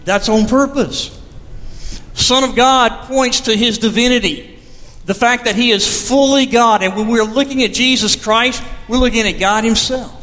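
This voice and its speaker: A man preaching a sermon as pastor, with a measured storytelling manner, recorded in a church sanctuary. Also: very high voice, pushed and bright, big-room sound, soft background music.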